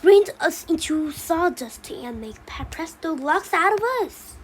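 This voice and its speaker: A woman's voice: high-pitched, lively intonation, unhurried, poor audio. A woman reading the part of a gloomy, worrying father pine tree in a storybook play. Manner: reads the role labels aloud between lines.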